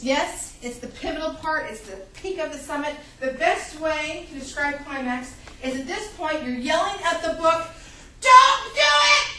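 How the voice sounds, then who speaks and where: A high-voiced woman lectures a college literature class, animated and full of rhetorical questions. She sounds distant from the mic, and her voice rings around an echoey classroom with a faint hum underneath. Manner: animated, asks the class rhetorical questions, acts out readers' reactions.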